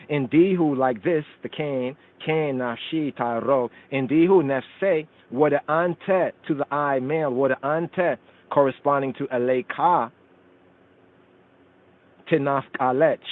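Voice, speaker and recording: A man hosting a radio scripture study, reciting verses in Amharic and Hebrew and explaining them word by word. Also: medium pitch. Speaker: radio show host teaching scripture. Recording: phone-line call-in radio sound.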